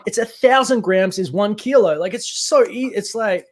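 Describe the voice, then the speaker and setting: Australian man co-hosting a stream, lively, teasing, voice sits a touch high. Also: normal speed, few pauses. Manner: animated, swearing, teasing. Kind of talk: casual chat.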